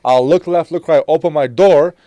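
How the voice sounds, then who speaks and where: A man hosting a podcast in casual conversation, talking earnestly, repeating himself and trailing off quietly. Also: fairly high pitch, moderate pace, no room sound. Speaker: podcast host.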